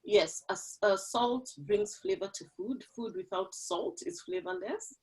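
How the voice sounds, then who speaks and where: A woman's voice: medium pitch, sing-song, a little slow, darkish tone, poor audio. A woman hosting an online women's forum over a video call, chatty and laughing often. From Kenya. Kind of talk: casual chat on a video call.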